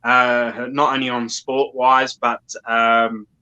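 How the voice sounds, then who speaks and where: A man's voice: medium pitch, flat delivery, bright, forceful tone, clean tone, highs cut off. A man from South Australia with an Australian accent, chatting casually as an interview guest on a video call, with many ums and restarts. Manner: halting, many ums and repeated words.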